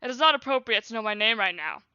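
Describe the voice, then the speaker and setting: Woman reading as a menacing dragon, loud and commanding, bright dry voice, lo-fi audio. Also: fairly high pitch, animated, fast talker, smooth, dry recording. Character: mean adult dragon, menacing and cold. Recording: dull lo-fi stream audio.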